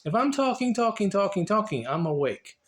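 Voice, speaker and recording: Guy rambling on his vlog, kinda high voice, repeats himself a lot, starts over mid sentence. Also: big pitch swings, brisk. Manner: rambling, repeats words, many restarts. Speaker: vlogger. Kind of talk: casual chat and reading aloud.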